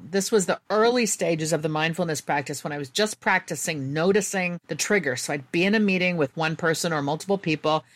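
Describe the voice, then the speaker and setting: A woman's voice: deep voice, no room sound. A woman guest and author telling candid personal stories in an earnest, reflective way. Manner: earnest, candid, quick bursts.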